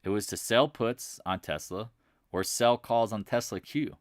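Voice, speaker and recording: A man's voice: fairly low pitch, unhurried, dry recording, studio quality. A man hosting a live market chat, talking in a loose, rambling way and often restarting his sentences. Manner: rambling, conversational, restarts and repeats himself.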